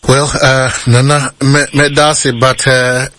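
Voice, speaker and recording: A man's voice: mid-range voice, level tone, a little slow, background noise. A Ghanaian man hosting a radio talk show, arguing politics with passion and often cutting in to hold the floor. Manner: impassioned, repeatedly cuts in with "hold on". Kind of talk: heated political debate.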